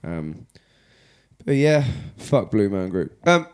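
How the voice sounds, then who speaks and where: A man's voice: lowish voice, big pitch swings, slow pace, smooth. A man co-hosting a podcast, chatting casually in a rambling, jokey way with some swearing. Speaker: podcast co-host. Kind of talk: casual chat.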